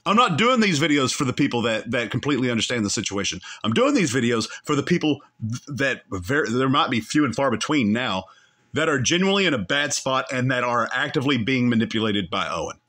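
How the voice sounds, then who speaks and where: A man's voice: medium pitch, very animated, a little fast, sharp tone. A man hosting a commentary show, angrily calling out someone between clips, with heated, repetitive and emphatic insults.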